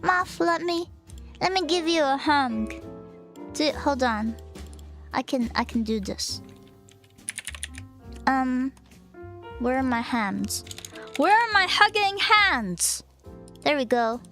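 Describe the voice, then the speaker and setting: A woman's voice: sits high, slow pace, long pauses, soft background music. A young woman streamer in casual chat with her viewers, reading their messages aloud and chatting back with big swings in tone.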